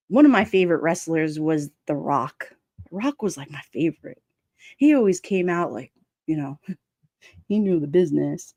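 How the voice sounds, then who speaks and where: A woman's voice: sits low, animated, moderate pace, darkish tone, no room sound. Chatty woman host with a dry sound. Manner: rambling, laughs often, lots of fillers and restarts. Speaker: livestream host reading chat. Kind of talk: casual chat.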